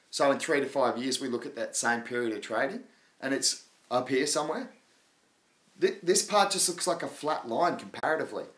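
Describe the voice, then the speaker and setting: A man's voice: mid-range voice, fairly bright tone. A man hosting a live crypto chat stream, talking in a rambling, casual way and laughing often. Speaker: crypto livestream host.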